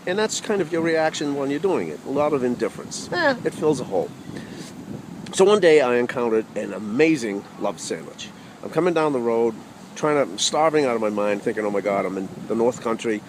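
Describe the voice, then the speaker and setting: A man's voice: mid-range voice, expressive, brisk, background noise. A man telling a humorous personal story with wry asides to the audience.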